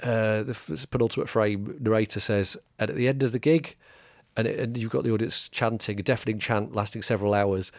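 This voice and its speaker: A man's voice: fairly low pitch, fairly even intonation, fairly quick, no room sound, studio quality. A man, a stand-up comedian co-hosting a podcast, chatting in a self-mocking way and laughing often. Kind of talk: casual podcast chat.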